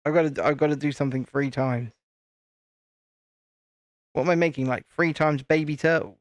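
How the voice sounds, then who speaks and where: On a live stream, a British man builds a toy set while chatting casually and playfully with viewers, often breaking off and restarting what he says. He speaks at a normal speed in a steady tone, his voice on the high side, and the recording is dry.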